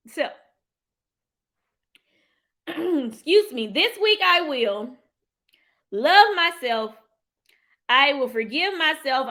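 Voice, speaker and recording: A woman hosting a motivational live stream. She talks in an animated, heartfelt way, lets out sudden whoops and calls her viewers "y'all". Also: high voice. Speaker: livestream host and financial coach.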